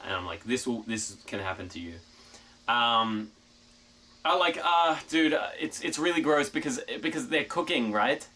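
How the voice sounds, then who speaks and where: A man chatting casually to his live stream, telling a story in a profane, rambling, animated way. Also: mid-range voice, moderate pace, recorded from a distance, a little hiss or hum. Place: outdoors in the mountains.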